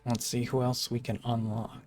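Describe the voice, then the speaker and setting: A man chatting casually as a game streamer, rambling and joking, his voice going hoarse. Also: medium pitch, little pitch movement, normal speed, darkish tone, soft background music. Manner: rambling, jokey sign-off.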